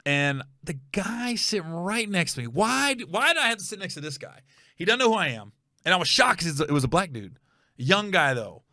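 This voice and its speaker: A man's voice: sits high, brisk, no echo, studio quality. A middle-aged man, a comedian hosting his own show, telling stories in casual chat and acting out the people in them. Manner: animated, acts out voices in his stories. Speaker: comedian and podcast host. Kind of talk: casual storytelling monologue.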